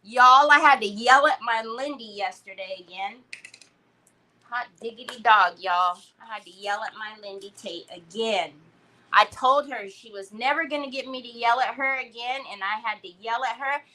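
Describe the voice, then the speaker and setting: A woman's voice: a little high, normal speed, sharp tone, poor audio. A woman hosting a casual crafting livestream, chatting, laughing and greeting viewers by name.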